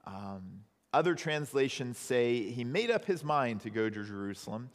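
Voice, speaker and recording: Male pastor with a relaxed, chatty preaching style and a lively, bouncing voice, recorded in a hall with long reverb. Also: mid-range voice, normal speed. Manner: conversational, animated storytelling. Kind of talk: sermon.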